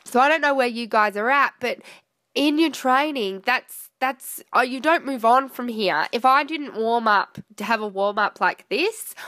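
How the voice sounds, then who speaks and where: Woman riding coach explaining calmly. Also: mid-range voice, no echo. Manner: relaxed, explaining with filler words. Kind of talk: instructional commentary.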